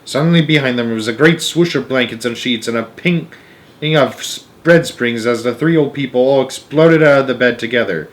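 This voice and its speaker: A man narrating a children's storybook aloud, gentle and expressive. His voice sits at an ordinary middle pitch, unhurried. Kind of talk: reading a children's book aloud.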